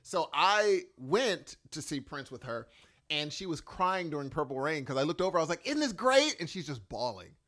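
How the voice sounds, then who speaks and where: A man in his forties chatting casually, with a slightly higher, bright voice. His pitch moves around a great deal as he acts out what people said. He tells stories in an animated, emotional way. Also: moderate pace. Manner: animated, emotional storyteller with acted-out quotes. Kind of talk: casual chat.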